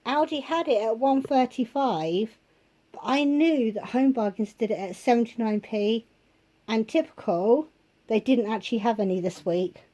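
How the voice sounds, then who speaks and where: Hoarse woman with a cold. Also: fairly high pitch, lively intonation, mellow. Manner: chatty, listing prices, pausing to think. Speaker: vlogger. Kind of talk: casual shopping haul chat. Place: at home.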